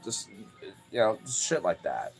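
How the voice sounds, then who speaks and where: A man's voice: on the low side, wildly swooping pitch, a little slow, creaky, faint music behind. A young man telling stories casually, rambling, swearing a lot and filling his talk with "like.". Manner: rambling, profane, many "like" fillers. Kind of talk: casual storytelling.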